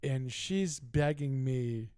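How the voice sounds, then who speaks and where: A man's voice: mid-range voice, takes it slowly, darkish tone, clear, resonant tone, no room sound. A middle-aged man co-hosting a sports talk show, telling a long story in casual chat and acting out both sides of the conversations. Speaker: podcast co-host.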